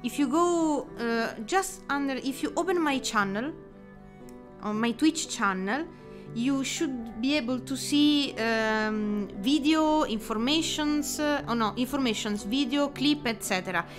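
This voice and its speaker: Giggly high-voiced Italian woman streamer. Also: measured pace, soft background music. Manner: giggly, chatty, frequent fillers and restarts. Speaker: streamer drawing live. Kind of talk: casual live-stream chat.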